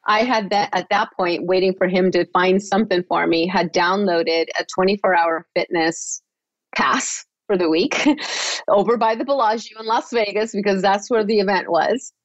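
A woman tells her own story as a podcast guest, with animated delivery and frequent laughs. She often repeats words as she restarts a thought. Her voice comes through a dull, lo-fi recording that sounds dry and close. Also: medium pitch, moderate pace, no room sound. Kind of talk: personal storytelling in an interview.

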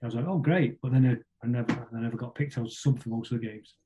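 A man's voice: mid-range voice, flat delivery, very fast, warm tone, slight background noise, low-quality recording. A middle-aged man, a podcast guest telling long stories that ramble along with frequent restarts and repeated words. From Salford, England. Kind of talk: casual storytelling interview.

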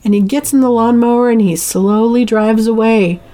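A woman's voice: on the high side, fairly even intonation, normal speed, dark tone. A woman co-hosting a casual podcast, retelling a film scene by scene and acting out the characters' lines. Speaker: podcast co-host. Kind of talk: casual movie recap.

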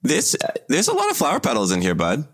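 A man playing an exasperated young roommate in an improv comedy scene, with a dry, halting delivery. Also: mid-range voice, wildly swooping pitch. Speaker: improv performer.

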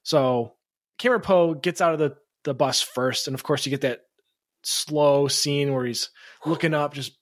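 A man co-hosting a podcast, telling absurd comic stories in a casual, animated way and laughing often. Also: fairly high pitch, normal speed, no echo, studio quality. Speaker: podcast co-host. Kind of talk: casual comedic storytelling.

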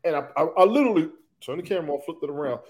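Male co-host, animated, swears freely, pitch all over the place. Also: racing. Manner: animated, profane storytelling. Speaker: podcast co-host. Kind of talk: casual banter.

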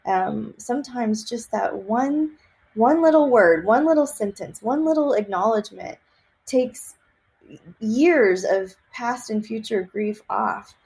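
A woman from Texas, a psychic medium, chatting in an interview and telling lively stories with many fillers and laughs. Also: fairly high pitch, slow. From Austin, Texas. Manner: animated storyteller, laughs often, many fillers. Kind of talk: casual interview chat.

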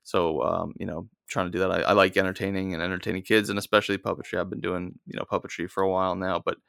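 A man's voice: low voice, flat delivery, fast talker, creaky, a bit bright, clear, resonant tone, no room sound, studio quality. A man speaking as a podcast guest, hesitant and full of fillers as he introduces himself. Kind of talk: casual chat.

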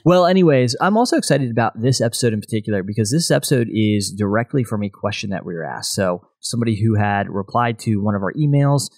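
A man hosting a podcast in casual chat, relaxed and saying "you know" often. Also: fairly low pitch, fast talker, few pauses, no echo. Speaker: podcast host.

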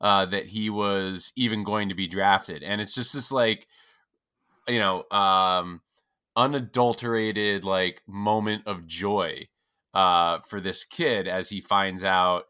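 A man co-hosting a podcast in quick, lively storytelling mode. His voice is very deep yet bright and forceful, with a smooth, clear tone. The sound is close and dry. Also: no echo. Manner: quick, animated storytelling with laughs. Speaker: podcast co-host. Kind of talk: casual podcast chat.

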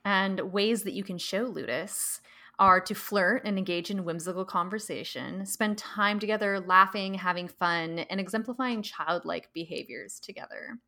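A woman co-hosting a podcast, reading prepared notes in a measured way, then chatting casually. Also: medium pitch, sharp tone. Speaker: podcast co-host.

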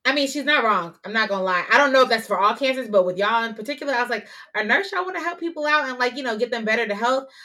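Blunt, bright-voiced woman co-host. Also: a little high, rapid-fire, hardly any pauses. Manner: blunt, animated storytelling. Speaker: podcast co-host. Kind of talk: casual chat.

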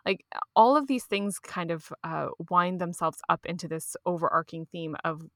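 A woman's voice: fairly low pitch, moderate pace, fairly bright tone, no room sound, clean studio sound. A woman co-hosting a podcast, speaking thoughtfully in casual chat, with many fillers and restarts. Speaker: podcast co-host.

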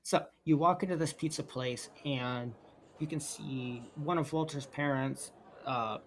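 A man narrating as game master of a tabletop role-play game, rambling and pausing to sort out details. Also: fairly high pitch, a little hiss or hum. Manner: rambling, with filler words and restarts.

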